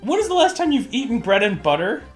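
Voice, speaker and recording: Animated rambling man, lively pitch. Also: fast talker, soft background music. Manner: animated, rambling, heavy use of "like". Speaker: let's play co-host. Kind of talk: casual gameplay chat.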